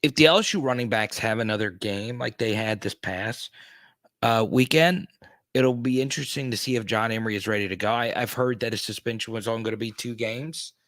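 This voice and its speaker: A man hosting a casual livestream, chatting with viewers and greeting them by name with bursts of excitement. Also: mid-range voice, fairly quick, no echo, clean studio sound. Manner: excitable, greets chatters loudly, many restarts. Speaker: host.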